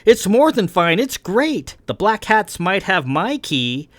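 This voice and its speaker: A man reading aloud, voicing a brash, excitable young woman engineer who talks in slang. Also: a little high, moderate pace, no echo, pitched above the performer's own voice. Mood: excited. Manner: gushing, slangy.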